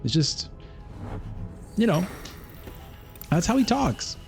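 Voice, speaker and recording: A man's voice: high voice, big pitch swings, slow pace, creaky, darkish tone, faint music behind. A man giving casual, chatty commentary as he plays a digital board game, thinking aloud. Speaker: streamer.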